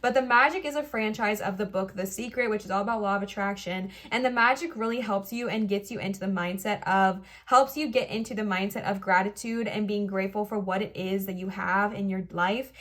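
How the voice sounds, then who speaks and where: A woman's voice: mid-range voice, brisk, hardly any pauses. A woman giving a pick-a-card tarot reading to camera. She heaps earnest, emotional encouragement on the viewer and says more than once that she is close to tears. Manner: warm, effusive encouragement addressed straight to the viewer. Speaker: tarot reader.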